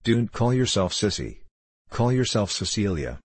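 A stern, dictatorial middle-aged man of facts, as read by a man, inflexible and emphatic. The voice sits very low and a little husky, with a close, dry sound. It suits an audiobook character reading. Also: sing-song, measured pace, dry recording, full character voice. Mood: curt.

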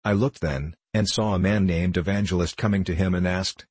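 Male audiobook narrator, deep and husky, measured formal delivery, dry close sound. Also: fairly even intonation, a little mellow, no room sound. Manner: measured, formal old-fashioned phrasing. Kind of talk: audiobook narration of an old allegory.

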